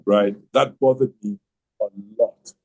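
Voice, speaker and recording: A man in middle age tells a long story over a video call, husky and mellow in tone. He rambles, repeats himself, and starts his sentences over and over. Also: fairly low pitch, steady tone, a little slow, rough recording. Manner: rambling, repeats words and restarts often. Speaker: host telling his marriage story. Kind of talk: casual storytelling on an online call. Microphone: online video call.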